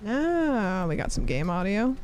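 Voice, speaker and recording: A woman's voice: mid-range voice, sing-song, a little slow, background noise. A young woman streaming a game, chatting casually and rambling as she answers her chat. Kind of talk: casual chat while gaming.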